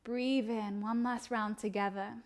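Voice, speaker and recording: A young woman teaching a yoga class, giving calm step-by-step cues timed to the breath. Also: mid-range voice. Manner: calm instructional cueing, slow breath-paced phrasing. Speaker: yoga instructor.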